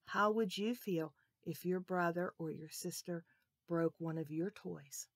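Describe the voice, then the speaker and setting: A woman telling a Bible story to children, expressive and asking her listeners questions. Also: lowish voice, unhurried, no echo, studio quality.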